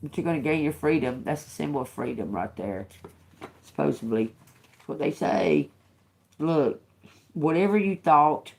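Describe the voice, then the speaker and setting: Very low-voiced woman reading tarot. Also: expressive, unhurried, vocal fry, pauses often. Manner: chatty, laughs often, swears freely. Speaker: tarot reader. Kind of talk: casual livestream tarot reading.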